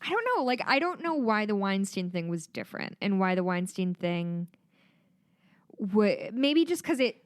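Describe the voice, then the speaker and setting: A woman's voice: mid-range voice, sing-song, moderate pace, clear, resonant tone, dry recording, clean studio sound. A woman co-hosting a podcast in casual chat, blunt and swearing freely, drinking wine as she talks. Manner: blunt, swears freely, acts out quoted voices. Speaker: podcast co-host.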